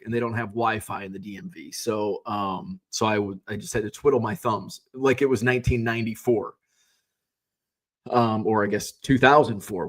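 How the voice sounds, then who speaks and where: A middle-aged man hosting his own stream, telling a story in a rambling, animated way with lots of fillers. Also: mid-range voice. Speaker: streamer host. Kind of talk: casual storytelling.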